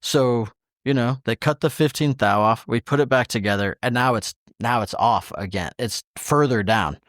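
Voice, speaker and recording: An exasperated man on a podcast, ranting in loose casual chat and swearing freely as he acts out both sides of each quoted exchange. His voice sits at an ordinary middle pitch and is recorded dry and close on a studio mic, with no room sound at all. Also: moderate pace, fairly bright tone, no room sound. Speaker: podcast co-host.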